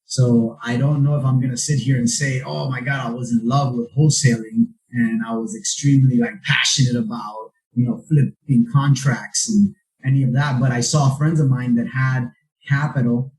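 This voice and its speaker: A man's voice: moderate pace, poor audio. A man guest on a casual podcast interview, telling stories animatedly and acting out quoted lines. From South Florida. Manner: animated storytelling, acts out quotes with raised pitch. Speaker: real estate investor guest.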